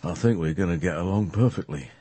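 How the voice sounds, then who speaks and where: A man voicing a laid-back male hippie from the sixties who talks in easygoing slang, with a husky voice. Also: low voice, fast talker, mellow, no echo. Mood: mellow.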